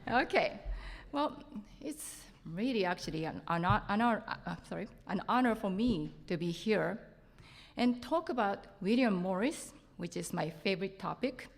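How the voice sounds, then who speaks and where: Japanese-accented woman, slow, chatty conference speaker, big reverberant hall. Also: medium pitch, lively intonation. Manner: chatty, self-joking, laughs often. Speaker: seminar speaker. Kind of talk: conference talk.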